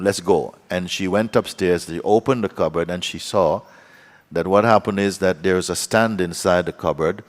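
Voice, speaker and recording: Deep low-voiced guy, spiritual teacher at a satsang, telling a story and doing the voices, chuckling along. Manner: storyteller acting out voices in quoted dialogue.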